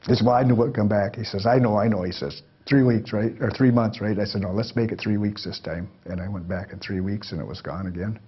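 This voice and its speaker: An older man talks quickly and steadily with barely a pause, his lowish voice slightly rough. He rambles through folksy life stories for an audience, chuckling again and again, and the lecture recording is dull and lo-fi.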